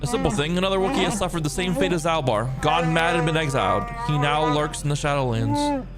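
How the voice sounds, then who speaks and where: A haughty male Wookiee chieftain, as a man reads him aloud from a game, boastful and cold toward outsiders. The voice sits fairly high, with loud music playing under it. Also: lively intonation, fairly quick, natural voice. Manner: pompous, boastful, dismissive. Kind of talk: reading game dialogue aloud in character.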